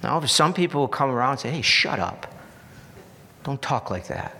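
A man preaching a sermon in an earnest, repetitive style, building to emphatic peaks and dropping to soft asides. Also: medium pitch, expressive, moderate pace, long reverb tail. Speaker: pastor.

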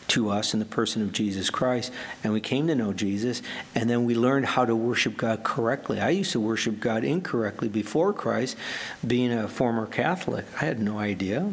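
A man preaching a sermon as pastor, earnest and emphatic, slowing down to stress the scripture he quotes. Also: medium pitch, slightly rough.

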